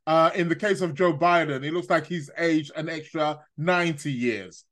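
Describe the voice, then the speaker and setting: A man hosting a casual live stream, his voice sitting a little high for a man. He rambles, trips over his words and laughs at his own asides, in a loose, chatty way. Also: normal speed, fairly bright tone. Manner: rambling, stammers and restarts, laughs at own jokes. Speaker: astrology live-stream host.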